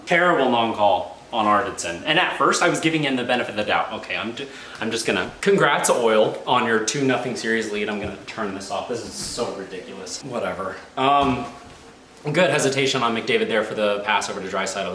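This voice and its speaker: A man reviewing and reacting live to a hockey game, excitable and exasperated, rambling with restarts. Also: lowish voice, a little fast. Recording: echoey room, faint background noise.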